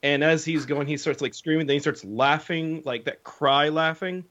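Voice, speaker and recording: A young man co-hosting a podcast, telling a story in a casual, animated way with lots of fillers. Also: a little high, normal speed. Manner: animated storyteller, many fillers and acted quotes. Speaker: podcast co-host. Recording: slightly dull lo-fi sound.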